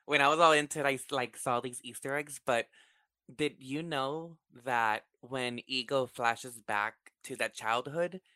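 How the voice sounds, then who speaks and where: A man hosting a casual podcast chat, excitable and swearing freely, with sudden high bursts of laughter. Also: a little slow, clear, resonant tone, dry recording. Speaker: podcast host.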